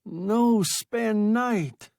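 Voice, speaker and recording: A man's voice: very high voice, animated, extremely slow, no echo, studio quality, pitched above the performer's own voice, exaggerated voice. A man voicing a desperate, half-mad stranded old man who screams and pleads. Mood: panicked.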